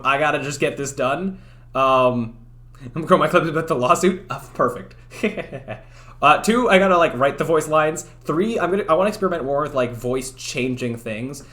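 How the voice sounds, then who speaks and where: A man streaming late at night, chatting casually and self-deprecatingly with many fillers, keeping his voice down. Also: mid-range voice. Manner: talks quietly at night. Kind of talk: casual livestream chat.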